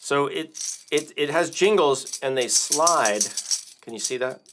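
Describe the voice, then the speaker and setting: A man's voice: fairly high pitch, lively intonation, a little slow, background noise. An American man hosting a casual music livestream, rambling and joking, with plenty of fillers and restarts. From United States. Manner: rambling, joking, with many fillers and self-corrections. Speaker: livestream host and drum teacher.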